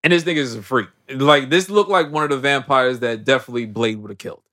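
A man hosting a podcast, recapping a movie in a casual, animated, slangy way. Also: mid-range voice, fast. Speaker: podcast host.

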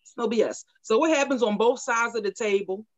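A middle-aged woman with a high, bright voice tells her own story in a relaxed group chat, candid and animated, often laughing between lines. The sound is dry and a little muffled. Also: brisk, no echo.

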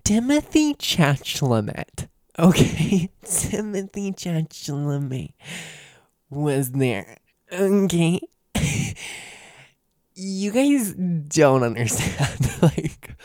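A young man hosting a podcast, telling a casual story in an excitable way, laughing often and bursting into loud emphasis. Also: lowish voice, clear, resonant tone, dry recording, clean studio sound. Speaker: podcast host.

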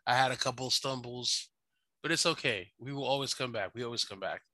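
A man's voice: mid-range voice, brisk, bright, forceful tone, no echo, low-quality recording. A man co-hosting a sports podcast, trading playful banter in a casual chat. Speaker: podcast co-host.

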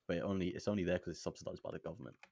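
Gravelly low-voiced man. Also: steady tone, racing, a little mellow, no room sound. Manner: laid-back, explains at length with many fillers. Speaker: podcast co-host. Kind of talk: casual chat.

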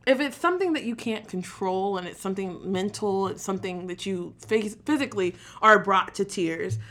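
A podcast co-host with a mid-range voice at normal speed tells stories animatedly in a casual chat. She swears freely and frequently breaks into laughter.

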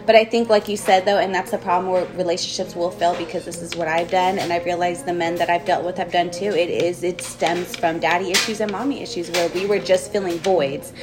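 A woman talking bluntly in a casual podcast chat, swearing freely and getting animated. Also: lowish voice, brisk, few pauses, music in the background.

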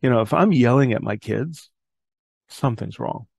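Podcast host, middle-aged man, gravelly, earnest reflective talk, dry close sound. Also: mid-range voice, normal speed, a little mellow, no room sound. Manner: earnest, reads scripture aloud, self-correcting.

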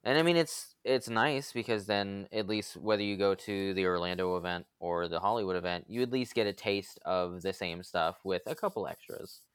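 A man co-hosting a podcast in a casual group chat, talking in a relaxed, rambling way with fillers. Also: low-pitched, normal speed, few pauses, clean tone, no echo. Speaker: podcast co-host.

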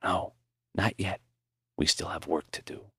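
A man voicing a frail, dying old man who speaks in a weak, hushed whisper, slow and breathy. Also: sits low, steady tone, no echo, clean studio sound, full character voice. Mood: tired. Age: older.

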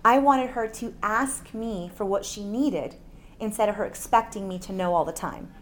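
Animated woman speaker from Miami. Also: mid-range voice, normal speed. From Miami, United States. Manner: animated personal storytelling with laughs. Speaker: seminar speaker. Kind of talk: Christian seminar talk. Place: conference seminar room.

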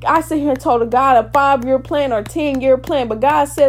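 Woman, high voice, impassioned informal sermon, repetitive, loud then soft. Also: normal speed, hardly any pauses. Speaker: preacher.

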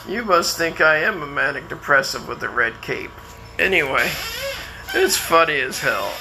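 A man's voice: mid-range voice, gravelly, sharp tone, a little hiss or hum, poor audio. A man talking at home in a rambling personal monologue, laughing at his own jokes. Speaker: vlogger.

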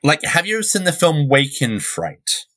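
A man's voice: on the high side, wildly swooping pitch, moderate pace, sharp tone. A young English man co-hosting a podcast, rambling through digressions and swearing freely. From England. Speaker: podcast co-host. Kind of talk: casual chat.

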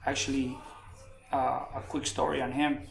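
A man, a boxing coach, telling stories in a relaxed way during a casual interview, often repeating words as he goes. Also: mid-range voice, normal speed, creaky, a little hiss or hum. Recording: echoey room with faint music.

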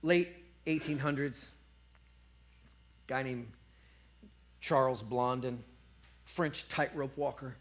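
A man's voice: mid-range voice, slow pace, pauses often. A man preaching a sermon, telling a story and acting out the voices of a cheering crowd.

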